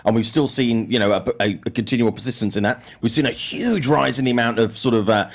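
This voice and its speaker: A man's voice: mid-range voice, fast. A British man hosting a casual panel chat about film news, rambling with lots of fillers. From United Kingdom. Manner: animated, rambling with many fillers. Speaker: podcast host.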